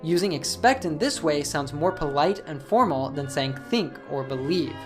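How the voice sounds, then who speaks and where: Low-voiced woman explaining English. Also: animated, moderate pace, over music. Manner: clear, explanatory. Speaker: English teacher. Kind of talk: scripted lesson narration.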